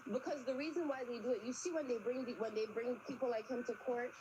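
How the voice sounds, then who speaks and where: A woman's voice: fairly high pitch, quick pace, dull audio, noisy background. A woman in her twenties speaking in a heated live discussion, impassioned and emphatic, close to tears.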